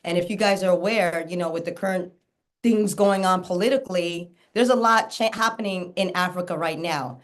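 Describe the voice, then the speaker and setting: A woman with a lowish voice speaks at a moderate pace as an interview guest. She's a documentary filmmaker, chatting casually and enthusiastically, full of fillers and run-on thoughts.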